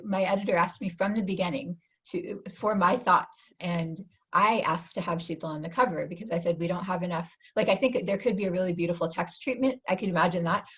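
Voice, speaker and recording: A woman's voice: lowish voice, slightly rough. A woman in her forties, an author, chatting enthusiastically on a video call and often restarting her sentences. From United States. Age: 40s. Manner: warm, enthusiastic, talks in quick restarts. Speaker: author guest. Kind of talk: casual interview chat.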